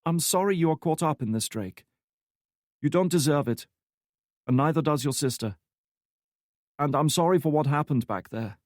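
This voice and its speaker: A man voicing a guarded, remorseful woman in an audiobook, measured and a bit formal. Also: on the high side, expressive, darkish tone, no room sound, clean studio sound, voice pushed up, close to an everyday voice. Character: guarded, remorseful female operative.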